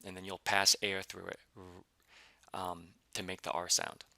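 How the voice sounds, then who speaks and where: A man teaching a pronunciation lesson, explaining patiently step by step with many fillers and repeating example syllables slowly. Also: low voice, flat delivery, creaky, sharp tone, no echo. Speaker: language teacher.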